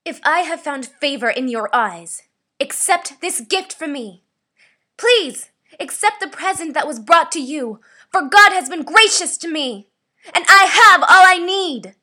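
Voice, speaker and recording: A woman playing a furious, shouting woman. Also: very high voice, lively intonation, a little slow, voice pushed up, full character voice.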